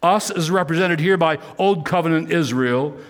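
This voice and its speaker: A man preaching a sermon in church, talking conversationally with humorous asides and lifting his voice high and loud when he reads scripture or acts out imagined speakers. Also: moderate pace. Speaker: pastor.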